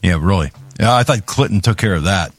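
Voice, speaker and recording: A man's voice: deep voice, expressive, brisk, breathy edge, no echo. A man hosting a talk show, giving heated political commentary with many restarts and stumbles. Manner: heated, ranting, with frequent restarts.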